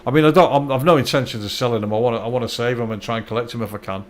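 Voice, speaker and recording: A man's voice: mid-range voice, rapid-fire, a little hiss or hum. A middle-aged man, chatting casually to viewers while live-streaming a game, friendly and stumbling over his words.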